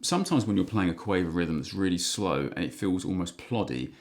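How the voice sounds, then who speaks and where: Guy teaching strumming, really low voice, counts along while he plays, guitar loud in the mix. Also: brisk, gravelly. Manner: relaxed, counts beats aloud while strumming. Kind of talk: instructional guitar lesson. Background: acoustic guitar strumming.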